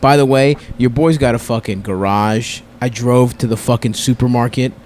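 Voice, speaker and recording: A man's voice: medium pitch, fairly even intonation, moderate pace, a little mellow, a little hiss or hum. A man co-hosting a podcast, talking in a crude, slangy, joking way among friends. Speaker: podcast co-host. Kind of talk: casual chat.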